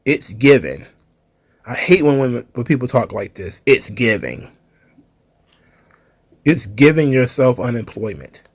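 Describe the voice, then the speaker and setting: A man's voice: medium pitch, big pitch swings, a little slow, long pauses, slightly rough, dry recording. A man hosting a wrestling commentary show, ranting in a heated, sarcastic way with swearing. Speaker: wrestling commentary channel host.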